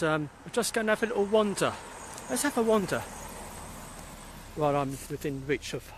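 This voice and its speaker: A man's voice: on the high side, a little hiss or hum. Chatty British man on a phone live stream. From England. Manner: chatty, rambling, greets viewers by name. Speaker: spiritualist medium vlogger. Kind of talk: casual live-stream chat. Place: outdoors in a cemetery. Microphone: phone held while walking.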